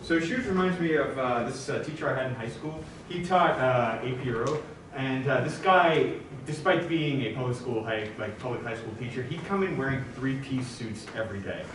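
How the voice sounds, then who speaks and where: A man's voice: medium pitch, moderate pace, background noise. Young man telling a comic story on stage. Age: young adult. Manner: casual storytelling, animated. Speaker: improv performer. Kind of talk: comic monologue. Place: stage in a university hall. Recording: echoey hall from far off.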